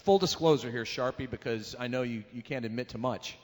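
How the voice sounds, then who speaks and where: A male moderator puts questions to the panelists in a playful, teasing manner. His mid-pitched voice carries a long echo from the large convention hall around him. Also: brisk. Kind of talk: hosting a fan panel Q&A.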